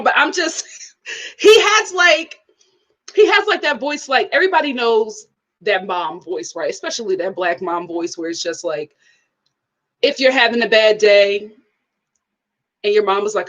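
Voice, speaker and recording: A woman's voice: medium pitch, a little slow, pauses often, muffled recording. A woman vlogger chatting casually about a reality show, laughing often and acting out quotes. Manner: animated, laughing, acts out quotes. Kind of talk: casual chat.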